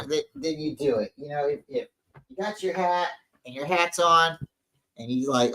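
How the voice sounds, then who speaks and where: A man's voice: a little high, moderate pace, fairly bright tone, rough recording. A man co-hosting a casual sports fan show, telling a long family story with a lot of restarts and asides. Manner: rambling storyteller with many restarts. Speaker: podcast co-host. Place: at home.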